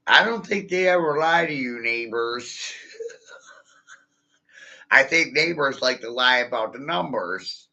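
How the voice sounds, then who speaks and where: A man rambles in an unhurried, profane monologue, chaining rhymes and chuckling at his own wordplay. His voice is gravelly and sharply bright. The recording sounds dull and lo-fi, made inside his vehicle. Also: medium pitch, animated. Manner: rhyming wordplay, laughs at own jokes, swears often. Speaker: vlogger.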